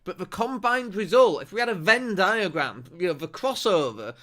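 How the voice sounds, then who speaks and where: Energetic man, high bright voice. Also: moderate pace. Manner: energetic, emphatic, talks with his hands. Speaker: host of a marketing show. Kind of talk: to-camera business talk. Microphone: camera on a desk.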